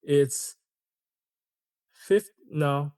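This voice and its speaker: Podcast host, male, a bit high-pitched, dry close sound, opinionated casual rant style. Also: drawn-out words, clear, resonant tone, no echo. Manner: animated, opinionated ranting; conversational, addresses listeners as y'all. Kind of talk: solo podcast commentary.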